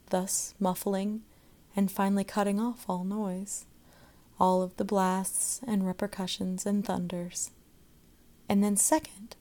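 Woman storyteller, unhurried and expressive, warm dark tone. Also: mid-range voice. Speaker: narrator. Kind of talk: scripted narration of a short story.

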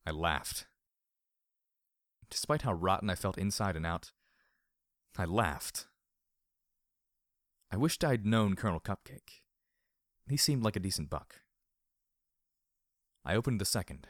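A man narrating a first-person audiobook in a steady, measured storytelling manner. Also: low-pitched, no echo, clean studio sound.

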